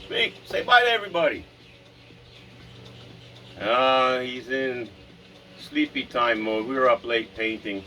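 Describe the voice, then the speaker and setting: A man's voice: mid-range voice, expressive, takes it slowly, long pauses, sharp tone, recorded from a distance, a little hiss or hum. A man from Rhode Island vlogging at home in a rambling, casual chat, often talking to his dog.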